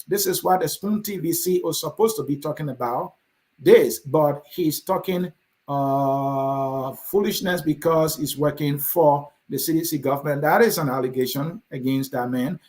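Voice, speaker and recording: A man's voice: fairly high pitch, a little mellow. A man with a Liberian accent hosting a political talk show, reading viewer comments aloud and answering them with a combative, direct manner. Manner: combative, addresses commenters by name.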